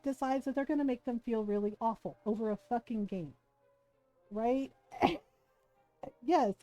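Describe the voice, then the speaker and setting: This is a middle-aged woman with a fairly high but mellow voice, talking live to her stream at a desk mic. She tells a story in a loose, chatty way, laughs often and checks in with "right?" again and again. Soft music plays faintly behind her. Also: low-quality recording. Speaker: livestreamer. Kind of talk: casual storytelling chat.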